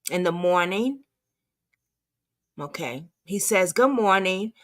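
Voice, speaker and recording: A woman advocate reading text messages aloud with commentary, in a halting, stumbling way with restarts. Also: fairly low pitch, lively intonation, a bit bright.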